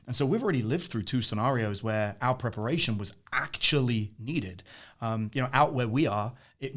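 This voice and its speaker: Male guest, fast and lively storyteller, mid-pitched voice. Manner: animated storyteller, laughs often. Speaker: interview guest. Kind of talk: casual interview chat.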